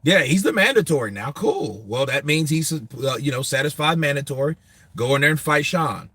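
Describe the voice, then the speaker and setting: A man hosting a boxing talk show, answering viewers in a casual, animated, profane way, and laughing often. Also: fairly high pitch, normal speed, breathy edge, no room sound.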